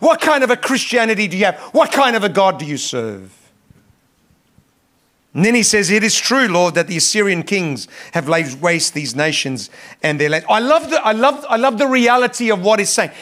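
Male pastor preaching, high voice, fervent emphasis and repetition. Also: a bit bright. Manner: impassioned, rising in pitch on emphasis, frequent repetitions. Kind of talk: sermon.

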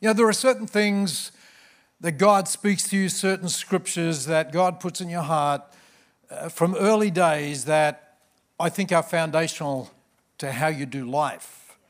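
A man's voice: fairly high pitch, unhurried. A man, a pastor preaching a sermon in church with joking, self-mocking asides. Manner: warm, humorous storyteller with self-mocking asides.

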